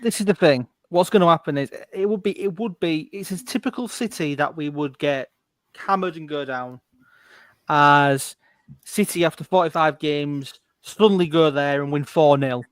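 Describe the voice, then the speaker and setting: Quick, animated man, dry sound. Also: a little high, dry recording. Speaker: podcast co-host. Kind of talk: casual football chat.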